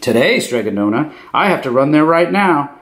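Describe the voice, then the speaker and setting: Man doing an overexcited young helper, high bright voice, storybook. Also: very animated, normal speed. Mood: eager. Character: eager, clumsy young male helper.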